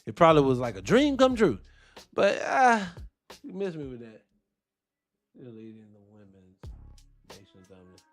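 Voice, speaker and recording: A man's voice: on the high side, normal speed, long pauses, faint music behind. A man hosting a wrestling podcast, giving blunt, profane opinions in casual commentary and answering his chat. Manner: animated, blunt, profane, talks back to chat.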